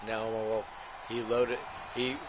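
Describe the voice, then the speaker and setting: A man's voice: lowish voice, completely flat delivery, unhurried. Man doing joking ringside game commentary. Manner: ringside announcer patter, keeps saying folks; crude rhyming jokes. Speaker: host and wrestling commentator. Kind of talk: playful wrestling-game livestream commentary. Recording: muffled lo-fi with clear background hiss.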